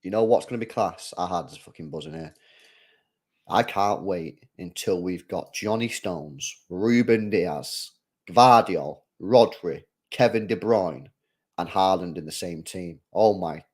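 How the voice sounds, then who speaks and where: Running a live football watchalong, a young man gives casual match commentary, talking to viewers in slang and rambling through restarts. He speaks a little slowly in a low-pitched, animated voice.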